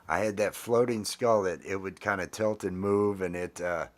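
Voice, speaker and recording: A man with a very low, deep voice hosting a laid-back morning chat. He rambles affectionately, circling back through fillers and restarts as he talks things over. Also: steady tone, normal speed. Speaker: host. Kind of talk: casual chat.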